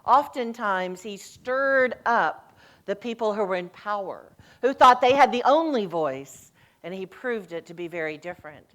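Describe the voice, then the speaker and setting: A woman's voice: medium pitch, measured pace. A middle-aged woman minister giving a sermon, telling stories with a voice that climbs and drops and acting out the quoted lines. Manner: lively storytelling, voice rising and falling, acts out quoted lines. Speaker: senior minister.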